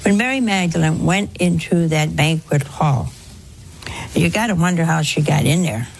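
A woman's voice: low-pitched, moderate pace, gravelly, husky. A woman giving a spoken sermon to a congregation in a folksy way, full of rhetorical questions and anecdotes. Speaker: religious speaker.

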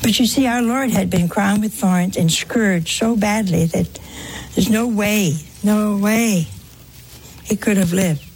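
A woman preaching a devotional sermon, telling it slowly and emphatically with rhetorical questions. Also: mid-range voice, darkish tone, slight background noise.

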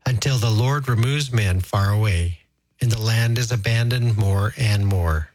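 Solemn low-voiced man reading scripture. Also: a little mellow, dry recording, low-quality recording. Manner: slow, solemn, measured. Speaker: scripture reader.

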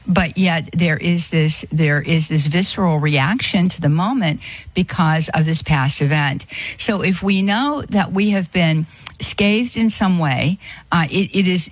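A man giving an earnest Christian talk on inner healing, halting often with fillers and restarts. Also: on the high side, breathy edge, no room sound. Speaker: Christian speaker.

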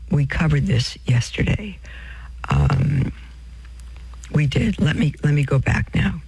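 Male preacher, gravelly and a little husky, reads a religious text aloud and drifts into asides, close dry sound. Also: a little high, darkish tone, dry recording, rough recording. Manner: addresses listeners as beloved, reads with off-script asides and self-corrections. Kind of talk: sermon reading from a text with asides.

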